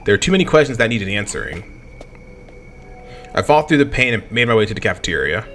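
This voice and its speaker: Animated young man reading game text. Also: mid-range voice, fast, slight background noise. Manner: animated, stumbling over words. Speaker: let's play host. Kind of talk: reading game dialogue aloud. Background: game music.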